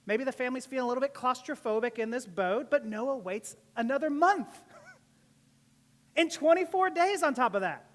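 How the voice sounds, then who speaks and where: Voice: sits high, animated, normal speed. Chatty pastor preaching with long hall reverb. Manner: conversational, joking, laughs often. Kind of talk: sermon. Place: church service.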